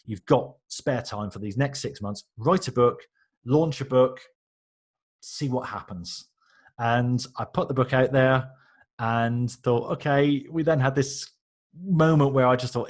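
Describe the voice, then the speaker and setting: A man, a guest on a podcast, telling stories in a casual, animated way and acting out the reactions he quotes. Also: mid-range voice, unhurried. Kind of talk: casual interview storytelling.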